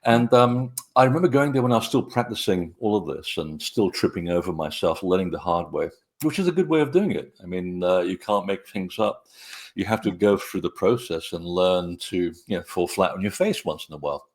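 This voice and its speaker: A middle-aged man, a guest author, telling anecdotes in a relaxed, rambling way with many hesitations. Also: low voice, fairly quick. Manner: rambling, hesitant with frequent fillers. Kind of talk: conversational storytelling interview.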